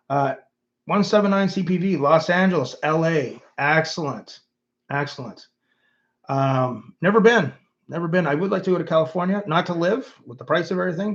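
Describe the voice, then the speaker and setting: A man's voice: fairly high pitch, dull audio. A middle-aged man with a Canadian accent, hosting a casual livestream and reading viewers' comments aloud in a musing, rambling way full of fillers. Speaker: host of his own channel.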